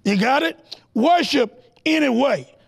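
A male preacher with a strikingly high voice and a gravelly, fried edge teaching a televised Bible lesson. He presses his points hard, fires rhetorical questions at the audience, and pushes up into excited, almost shouted highs. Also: slow pace. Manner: rising to excited, near-shouted peaks.

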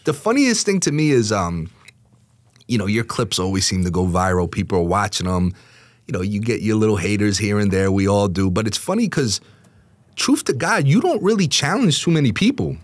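Man, podcast host, animated chat, repeats words, dry recording. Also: brisk, no room sound. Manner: animated, repeats words and restarts often, pitch jumps when excited. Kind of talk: casual interview chat.

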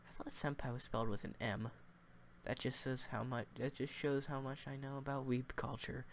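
A man's voice: medium pitch, level tone, moderate pace, a little hiss or hum. A man reading a visual novel aloud in a casual playthrough, with chatty, jokey asides. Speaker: gaming video host.

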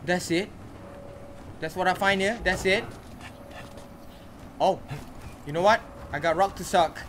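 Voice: medium pitch, measured pace, noisy background. A gamer giving casual commentary while playing, chatting to the characters and reacting aloud.

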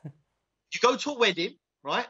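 A man's voice: high voice, animated, measured pace, bright, forceful tone, slightly rough, dry recording, muffled recording, heavily acted. A man playing a big, earnest, clueless self-styled diet guru in a comedy sketch, instructor patter full of "yeah?" and "right?". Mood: instructive.

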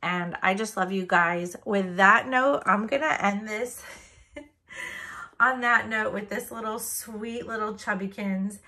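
A woman's voice: medium pitch, takes it slowly, pushed and bright. A woman hosting an unboxing vlog, gushing with gasps and effusive thanks, teary-eyed and emotional. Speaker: reborn doll artist and channel host.

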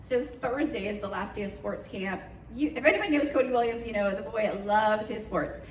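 A woman telling a church congregation about a trip in a lively, chatty way, with plenty of fillers and acted-out quotes. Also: a little high, fairly quick, a little hiss or hum. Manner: animated, chatty, lots of fillers, acts out quotes. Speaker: mission trip leader speaking to church. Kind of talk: storytelling trip recap. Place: church hall. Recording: roomy echoey hall, mic far off.

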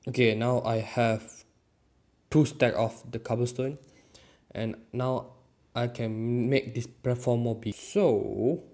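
Gaming YouTuber, male, mid-pitched, excitable self-narration in non-native English with sudden shouts. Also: takes it slowly. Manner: excitable, talks to himself, sudden loud outbursts. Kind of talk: casual let's-play commentary.

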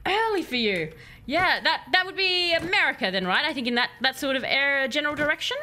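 A woman's voice: high voice, expressive, a little fast, pushed and bright. A woman with an Australian accent that at times turns British, chatting casually with viewers and giggling while playing a game on stream. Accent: Australian, at times British-tinged.

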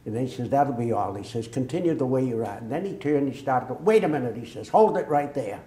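Speaking quickly in a mid-range voice, an older Massachusetts man recounts his war experiences as a veteran interviewee. He's a lively storyteller who performs the quoted dialogue, and the oral history recording has an echoey room sound.

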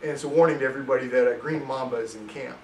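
Male pastor, sermon delivery, animated storyteller, roomy church sound. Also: mid-range voice, rapid-fire, recorded from a distance, slight background noise. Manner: animated storytelling, reads scripture aloud. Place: church sanctuary.

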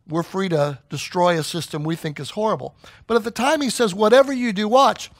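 With a voice that sits high and no echo around it, a middle-aged man preaches as pastor. He brings his stories to life animatedly, giving voice to the people he quotes.

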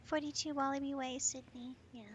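A woman's voice: high-pitched, flat delivery, a little fast, lo-fi sound. A woman from the United States hosting a casual gaming stream, giggling often and teasing playfully. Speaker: streamer host.

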